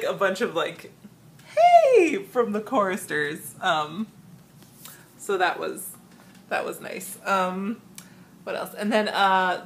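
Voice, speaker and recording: A woman's voice: a bit bright, slight background noise. Gushing young woman vlogger, laughing. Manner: gushing, laughs often, jumps to squealing high impressions. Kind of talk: excited casual vlog recap. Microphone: tablet camera.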